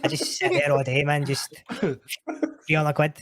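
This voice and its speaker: A man's voice: on the high side, normal speed, a crowd in the background. A man with a Scottish accent, a guest on a casual chat show, swearing freely and laughing through his stories. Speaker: podcast guest.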